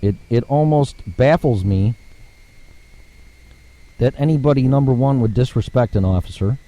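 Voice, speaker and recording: A man's voice: mid-range voice, normal speed, dark tone, no echo. Blunt, profane man ranting solo. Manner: blunt, profane, repeats words and restarts. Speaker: podcast host. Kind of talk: casual ranting monologue.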